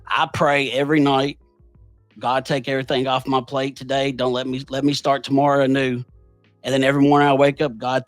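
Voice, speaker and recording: A man's voice: mid-range voice, no echo. A man, hosting a podcast and telling a personal story in an earnest, rambling way. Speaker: podcast host. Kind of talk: casual conversation.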